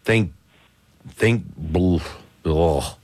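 A man's voice: sits low, drawn-out words. A male radio host telling stories in joking banter, poking fun at himself as a dad. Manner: animated, joking, self-mocking dad humor.

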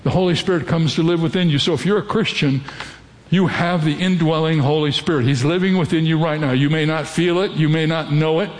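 An older male pastor delivers a sermon in an earnest, direct way, often turning to the congregation with questions. His voice sits a little high for a man. The sound carries a long reverb, like a large hall. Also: steady tone, a little fast.

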